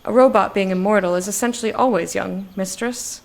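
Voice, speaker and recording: A woman's voice: medium pitch, brisk, vocal fry, natural voice. A woman reading game dialogue aloud as a formal, literal-minded robot servant. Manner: stiff, literal, polite, says "mistress".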